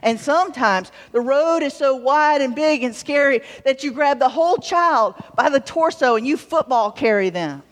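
A woman with a fairly high voice preaches a sermon, easy and conversational, dropping wry jokes between her points. Her voice rings out with a long reverb, as if she were in a large hall. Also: expressive, moderate pace, hardly any pauses. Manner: warm conversational preaching with wry humorous asides. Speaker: pastor.

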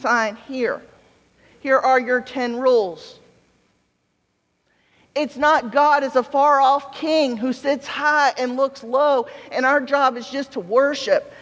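High-voiced preacher in a reverberant hall. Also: male voice, steady tone, takes it slowly, fairly bright tone, highs cut off. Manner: conversational, with playful asides and scripture read aloud. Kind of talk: sermon. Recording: long reverb of a large hall.

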